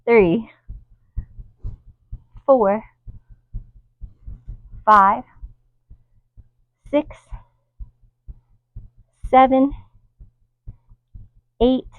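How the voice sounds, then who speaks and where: Woman fitness instructor, slow steady counting, dry dull lo-fi sound. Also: a little high, no echo. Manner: coaching and counting reps with light laughs. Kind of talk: guided workout instruction. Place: outdoors in the wind.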